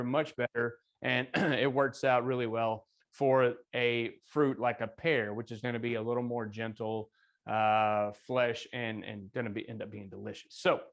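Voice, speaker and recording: A man with an Arkansas accent teaching a relaxed cooking lesson as a chef, folksy and joking with friendly asides. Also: medium pitch. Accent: Arkansas Southern.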